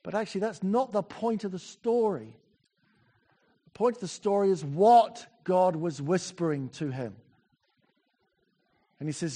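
A man's voice: high voice, measured pace, long pauses. Chatty preacher, man. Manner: chatty and animated, with asides and self-corrections. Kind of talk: sermon.

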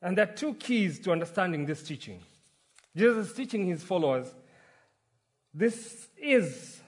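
Husky-voiced pastor preaching a sermon. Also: male voice, high voice. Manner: earnest, storytelling, some restarts. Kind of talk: sermon with prayer and joke.

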